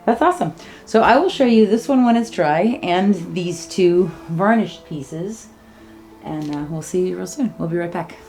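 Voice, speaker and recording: A woman's voice: fairly low pitch, expressive, normal speed, darkish tone, faint music behind. A woman hosting her art channel, chatting casually and gushing with laughs through a paint-pouring demo. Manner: bubbly, gushing, laughs often. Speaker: acrylic pour artist hosting her channel. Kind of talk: casual craft demo chat.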